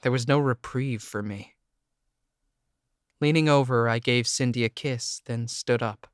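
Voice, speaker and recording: A man reading a first-person audiobook narration in a steady, measured way. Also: medium pitch, clear, resonant tone, no echo, studio quality.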